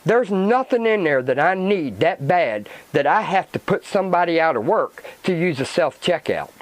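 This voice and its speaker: A man's voice: a little high, sing-song, moderate pace, no echo, low-quality recording. A man hosting his own vlog, ranting angrily and swearing, repeating himself as he goes. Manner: swearing, agitated ranting with repetition. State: angry. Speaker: channel host. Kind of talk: angry vlog rant.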